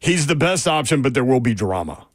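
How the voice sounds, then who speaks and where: Male sports radio host, expressive pitch, jokey hot takes, dry booth sound. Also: a little fast, no echo. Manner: lively, laughs often, jokey hot takes. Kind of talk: casual sports talk.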